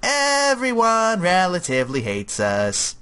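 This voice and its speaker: A man's voice: high voice, huge pitch swings, slow pace, sharp tone, clean tone. A young man giving casual, rambling gameplay commentary, chatty and jokey.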